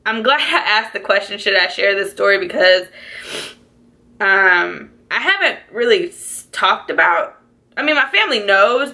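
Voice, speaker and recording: Slow-talking emotional young woman. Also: mid-range voice, creaky, sharp tone. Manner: emotional, close to tears; chatty, many "like"s and "y'all". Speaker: vlogger. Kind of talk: casual storytime monologue.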